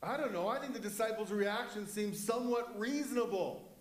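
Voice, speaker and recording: A man's voice: high-pitched, fairly quick, reverberant. A male pastor preaching a sermon in an impassioned, emphatic way. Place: church.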